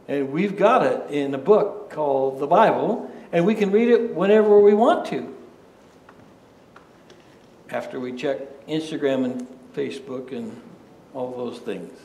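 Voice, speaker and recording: Preaching in an echoey space, a pastor with a slightly high voice keeps his sermon conversational. He poses rhetorical questions and frequently starts his words over.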